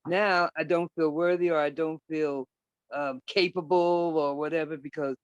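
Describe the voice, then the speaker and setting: A man's voice: a little high, fairly even intonation, normal speed, clean tone, dry recording. Hesitant man on a dull, dry call. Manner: hesitant, searching for words. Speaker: class participant. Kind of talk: casual comment in class. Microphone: video call.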